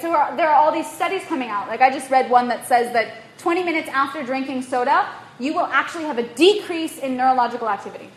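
A woman with a non-native accent giving a lively lecture to a live audience, quizzing them and often asking "right?". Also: sits high. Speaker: workshop presenter. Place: room in Bali. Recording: echoey room, faint room noise.

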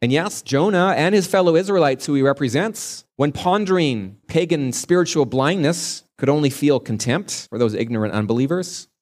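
A man's voice: on the high side, animated, moderate pace, hardly any pauses, darkish tone. A man preaching a sermon as a pastor, retelling a scripture story earnestly and stretching key words for emphasis.

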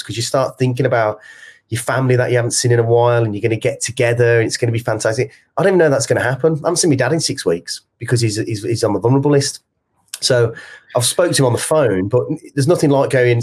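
A man's voice: medium pitch, a little mellow. A man co-hosting a podcast in casual chat, speaking frankly and heartfelt, scattering "like" and the odd swear word. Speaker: podcast co-host, company co-founder.

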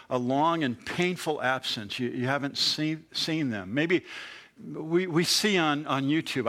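A middle-aged man, a pastor preaching a sermon in a church, emotional and halting, with many restarts. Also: mid-range voice, fairly bright tone.

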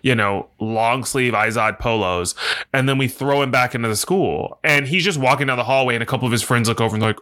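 A man's voice: mid-range voice, quick pace. A man co-hosting a podcast, chatting casually about a movie and acting out scenes with jokes. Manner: animated, jokey, acts out scenes. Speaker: podcast co-host. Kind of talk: casual movie-review chat.

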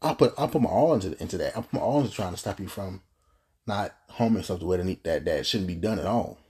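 A man's voice: sits low, animated, quick pace, a little mellow, husky. A young man telling a personal story in a casual, earnest, rambling way, full of restarts. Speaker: podcast host telling his story.

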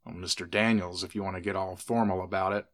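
A man's voice: sits low, fairly even intonation, fast, a bit bright. A man voicing a swaggering, teasing young man, the sheriff's son, in a spoken story.

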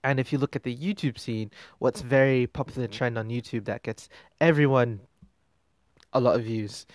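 A man's voice: medium pitch, moderate pace, no echo, clean studio sound. A man hosting a music commentary show, talking casually and rambling with fillers and restarts. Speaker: podcast host.

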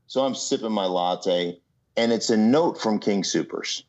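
Man spinning a lively business story, slightly muffled. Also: fairly low pitch, unhurried. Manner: animated storyteller, mimics other voices, many "right?" asides. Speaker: guest, former football player and entrepreneur. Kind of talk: storytelling in an interview. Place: remote from home city.

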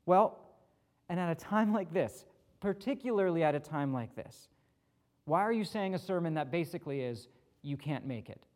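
A man's voice: high voice, animated, normal speed, darkish tone. A man preaching a conversational sermon as pastor, acting out the people he quotes, with touches of self-deprecating humor. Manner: casual, acts out quoted speakers.

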